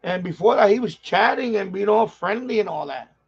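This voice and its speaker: A man's voice: sits high, expressive, fairly quick, gravelly, slightly rough. A man with a New York accent hosting a ham radio live stream, venting in an exasperated, repetitive way, on dull lo-fi audio. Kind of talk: casual live-stream rant.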